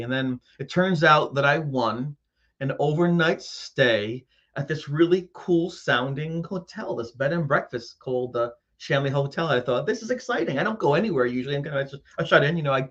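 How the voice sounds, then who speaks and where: A man's voice: mid-range voice, lo-fi sound. A man host telling a personal ghost story to a live audience, acting out his own frightened reactions. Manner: animated storyteller, acts out his own scared voice.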